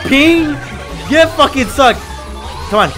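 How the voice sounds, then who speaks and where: Excitable young man voicing gameplay commentary. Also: very high-pitched, takes it slowly, over music. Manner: excitable, swearing, trash-talking. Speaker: gaming video creator.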